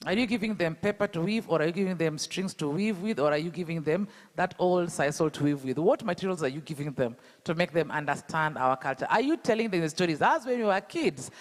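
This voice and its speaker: High-voiced Kenyan man with Luo accent. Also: expressive, a little fast, hardly any pauses, in a large hall. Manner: emphatic, full of rhetorical questions to the audience. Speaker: speaker at an education event. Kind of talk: public talk.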